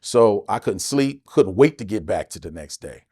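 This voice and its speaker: A man from the United States, an actor guest telling stories in a casual interview, animated and emphatic, with plenty of swearing. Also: on the low side, moderate pace, husky, no echo, clean studio sound.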